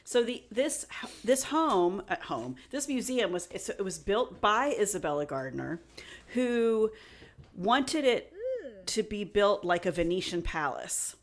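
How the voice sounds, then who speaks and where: A woman's voice: mid-range voice, animated, unhurried. Woman co-host, chatty and giggly, trails off and restarts a lot. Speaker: podcast co-host presenting the story. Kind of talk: casual podcast chat.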